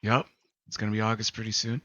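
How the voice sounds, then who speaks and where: Bright-voiced man telling a story. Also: on the low side, level tone, fast talker, dry recording. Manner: rambling, filler-heavy, acts out quotes. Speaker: podcast co-host. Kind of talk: casual chat and storytelling. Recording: slightly dull sound with faint music.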